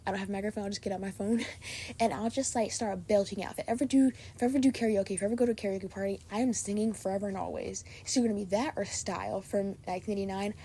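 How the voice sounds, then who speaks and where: A young woman hosting her own podcast, chatting in a bubbly, gushing way and peppering her talk with "like" and "oh my God." Her voice is soft and mellow, a little sleepy, with faint noise behind her. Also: mid-range voice, fairly even intonation, racing. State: sleepy and tired. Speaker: podcast host. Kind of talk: casual chat.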